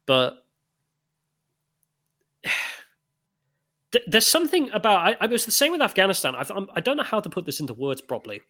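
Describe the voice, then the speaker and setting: A young man telling stories in a casual conversation, blunt and quick to swear. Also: on the high side. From United Kingdom. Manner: animated storyteller, blunt and swearing.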